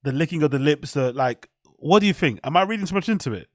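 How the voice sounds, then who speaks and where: A man's voice: a little high, expressive, fast talker, dry recording, clean studio sound. A man, commenting to his chat on a live stream in a rambling, profane way.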